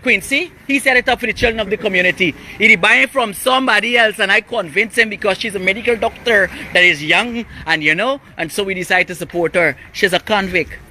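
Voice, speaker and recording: An indignant man with a high-pitched voice vlogs on the go from a vehicle. Loud traffic noise surrounds him the whole time. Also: fairly quick, few pauses. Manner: indignant, talks while riding in traffic. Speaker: community worker. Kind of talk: on-the-go vlog.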